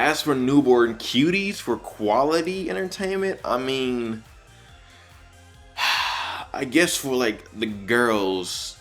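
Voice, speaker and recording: A man's voice: fairly low pitch, fairly bright tone. A man rambling with many fillers as a reaction panelist. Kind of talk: casual chat.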